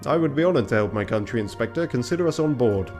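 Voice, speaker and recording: A proud male falcon lawyer from a game, as a man reads him. He talks formally and with confidence. The voice is a plain, mid-pitched male voice. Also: lively intonation, quick pace, music in the background, lightly acted. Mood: confident.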